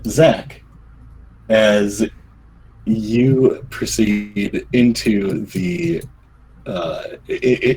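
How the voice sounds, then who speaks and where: Man, game master, tabletop game narration, slow, halting, lots of fillers. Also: lowish voice, a little mellow, husky, rough recording. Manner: halting, filler-heavy storytelling.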